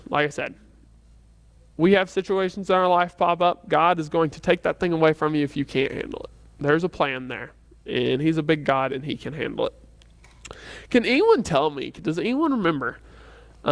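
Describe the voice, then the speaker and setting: A man leading a casual church youth lesson in a rambling, chatty way, full of fillers and restarts. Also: on the high side. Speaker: youth Bible teacher.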